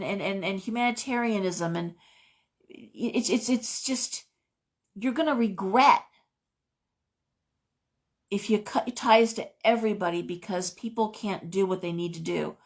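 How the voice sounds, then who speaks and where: This middle-aged tarot reader rambles through her live show, wandering into personal anecdotes in a relaxed way. She speaks a little slowly with frequent pauses, in a medium-pitched voice, on a rough recording.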